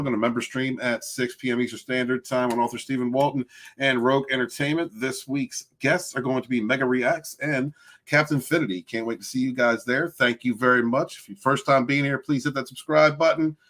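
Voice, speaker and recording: Um homem apresentando um podcast, animado, chamando os convidados de irmão. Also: male voice, medium pitch, steady tone, a little fast, a bit bright. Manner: upbeat, calls guests brother. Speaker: podcast host. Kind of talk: casual podcast hosting.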